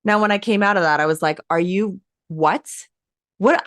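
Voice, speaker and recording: A woman talking as an interview guest, an excitable storyteller who acts out her own reactions. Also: medium pitch, normal speed, dry recording, clean studio sound. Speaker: hypnosis coach, interview guest. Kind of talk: animated interview conversation.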